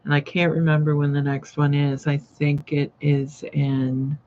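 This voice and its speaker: Her voice sits low and mellow, with a flat delivery at a measured pace. This sewing channel host rambles through a casual live chat while working, welcoming viewers by name over dull, lo-fi stream audio.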